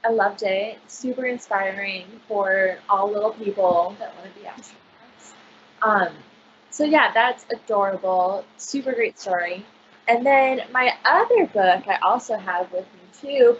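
A woman's voice: a little high, fairly bright tone, dull audio, a little hiss or hum. Bubbly librarian woman on a video call. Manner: bubbly, gushing, filler-heavy. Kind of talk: casual video call chat.

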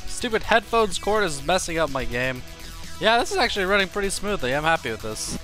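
A man's voice: a little high, sing-song, fast talker, sharp tone. A man playing a hard game and commenting live, swearing a lot and screaming when he is in danger. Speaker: gaming video host. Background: game music.

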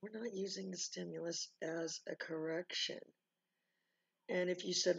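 A woman's voice: fairly low pitch, steady tone, unhurried, gravelly, highs cut off. A woman dog trainer talking through e-collar training in a rambling, casual way, full of fillers and asides. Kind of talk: casual teaching talk. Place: home with dogs nearby.

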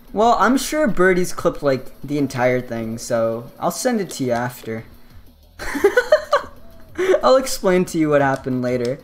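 An American man streaming a game, chatting casually with his chat, laughing often and swearing freely as he rambles. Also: on the high side. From United States. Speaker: gaming streamer. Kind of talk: casual live-stream chat while playing.

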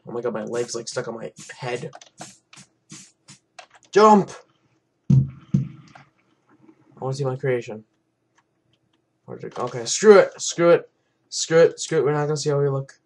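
Young guy rambling over a game he's playing, swears a lot, keeps mumbling off quieter, just chill commentary. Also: medium pitch, creaky, breathy edge. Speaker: gaming channel host. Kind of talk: casual gameplay commentary.

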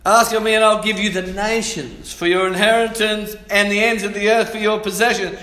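High-voiced preacher in echoey church. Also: male voice, brisk. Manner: lively preaching, calls for amens, reads scripture aloud. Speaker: pastor. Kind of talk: sermon. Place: church hall.

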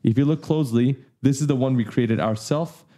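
A man walks viewers through a 3D software lesson. He speaks in a mellow, warm voice. He keeps things casual and simple. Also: mid-range voice, fairly quick. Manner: enthusiastic, explains simply. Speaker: tutorial host.

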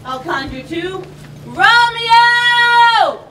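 A woman playing a mocking, bawdy young man, teasing and loud in a live stage show. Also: very high-pitched, slow, heavily acted. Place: school building during a performance. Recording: echoey, distant camera with background noise.

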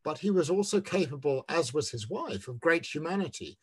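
A man talking about his book in an online discussion, measured and emphatic, leaning on words when he lists them. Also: fairly high pitch, lively intonation, slightly rough. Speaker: author in a book talk.

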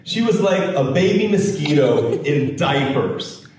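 Male keynote storyteller, unhurried and dramatic, slightly high voice, heard from a distance in a big room. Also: animated, darkish tone, very echoey, slight background noise. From United States. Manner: slow, dramatic storytelling with acted quotes. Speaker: keynote speaker. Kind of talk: storytelling talk on stage.

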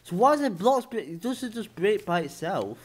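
A young man gaming and chatting casually, exasperated and swearing, sometimes shouting. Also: high voice, sing-song, moderate pace. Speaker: gaming video host. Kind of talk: casual gameplay chat.

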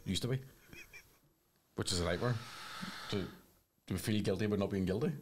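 A man's voice: fairly low pitch, fairly quick, noisy background. A man co-hosting a podcast, swearing through casual comedy banter. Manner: sweary, mock-apologetic banter. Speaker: podcast co-host.

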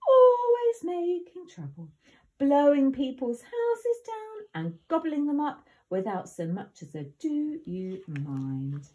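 A woman's voice: high-pitched, very animated, slow, mellow, muffled recording, voice pushed up, heavily acted. A woman voicing a cross, fussy fairy godmother with a scolding manner. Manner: exasperated and scolding.

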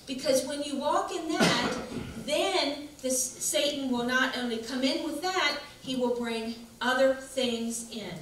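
Woman pastor, high voice, slow sermon, folksy; echoey church recording with hum. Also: fairly bright tone. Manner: folksy, chatty storytelling with laughs. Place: church sanctuary. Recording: echoey church room, mic far off, background hum.

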